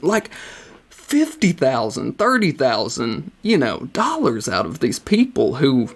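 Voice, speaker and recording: A man's voice: medium pitch, lively intonation, unhurried. A man co-hosting a podcast, telling stories in a loose, profane, rambling way. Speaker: podcast co-host. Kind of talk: casual chat.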